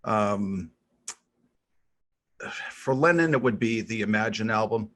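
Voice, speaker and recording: A man's voice: lowish voice, expressive, slow, a bit bright. A middle-aged man with a Boston accent, chatting on a podcast and thinking aloud with lots of ums. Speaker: podcast co-host. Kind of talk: casual chat about music.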